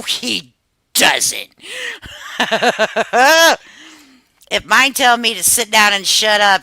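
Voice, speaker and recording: Sassy, animated woman streamer. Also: medium pitch, no room sound. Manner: animated, sassy, laughs often. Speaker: livestream host. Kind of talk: casual chat reacting to viewers.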